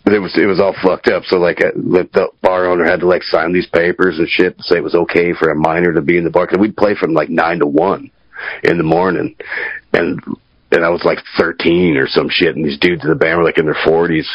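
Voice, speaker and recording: Laid-back deep-voiced man in his forties. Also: flat delivery, fairly quick, slightly rough, dry recording, dull audio. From Minnesota. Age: 40s. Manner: laid-back, swears a lot, laughs often. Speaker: guest drummer. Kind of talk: casual interview chat.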